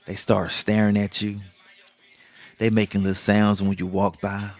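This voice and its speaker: Podcast host, man, middle-aged, low voice, joking monologue. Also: level tone, normal speed, faint music behind. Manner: joking, laughs often, acts out quoted lines. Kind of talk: casual monologue.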